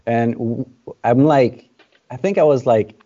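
A young man with a mellow, warm tone tells rambling stories in a casual chat. He often stops and restarts his sentences. The recording sounds a little dull. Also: medium pitch, measured pace. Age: young adult.

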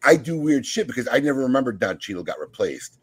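A man hosting a podcast in casual group chat, animated and teasing with quick asides. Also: medium pitch, slightly rough. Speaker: podcast host.

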